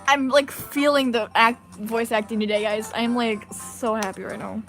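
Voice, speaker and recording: A woman's voice: on the high side, steady tone, normal speed, few pauses, faint music behind. A young woman streamer chatting casually and poking fun at herself while playing a game. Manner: giggly, self-mocking. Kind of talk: casual let's-play commentary.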